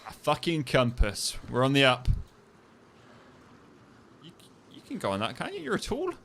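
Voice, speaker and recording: A man's voice: mid-range voice, very animated, unhurried, a bit bright, a little hiss or hum. A man streaming a survival game, laughing as he practises a foreign phrase over and over and swearing casually while he thinks aloud. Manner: laughing, repeating foreign phrases to get them right. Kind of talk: casual livestream commentary.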